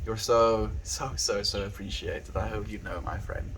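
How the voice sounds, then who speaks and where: A man's voice: fairly low pitch, fairly even intonation, moderate pace, a bit bright, a little hiss or hum. A man chatting casually on his daily livestream, rambling loosely and thanking viewers by name.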